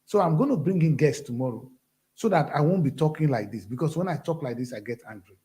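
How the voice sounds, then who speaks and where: A Nigerian-accented man rants with fiery conviction, his voice pitched high and swinging wildly up and down. He preaches bluntly as the host of his own show. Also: animated, quick pace, warm tone. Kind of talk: impassioned monologue.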